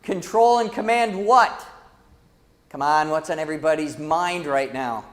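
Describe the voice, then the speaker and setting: A man teaching a church Bible class in a lively, dramatic way, calling out to the class. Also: a little high, measured pace, long reverb tail. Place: church hall.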